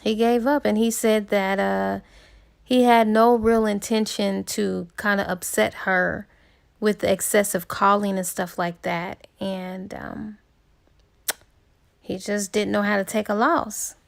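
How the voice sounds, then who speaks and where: A woman's voice: medium pitch, flat delivery, takes it slowly, creaky. A woman casually retelling a novel's plot as a book reviewer, chatty and slangy, with fillers.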